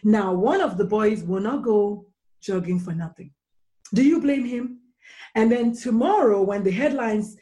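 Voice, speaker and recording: A woman's voice: a little high, animated, a little mellow. A woman speaking passionately and indignantly as a guest in a casual interview. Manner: passionate, indignant, rapid questions.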